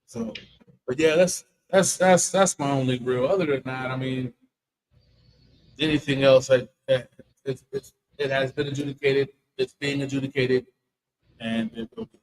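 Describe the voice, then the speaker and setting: A man's voice: medium pitch, expressive, normal speed, creaky, a little hiss or hum, rough recording. A man co-hosting a casual chat, telling workplace stories with lots of swearing and laughter. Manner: profane, laughing storyteller. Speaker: podcast co-host.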